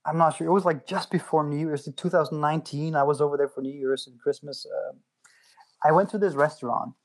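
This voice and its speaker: A man's voice: on the high side, steady tone, fairly quick, low-quality recording. Man, Danish accent, casual chat, storytelling, frequent laughs, casual swearing. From Denmark.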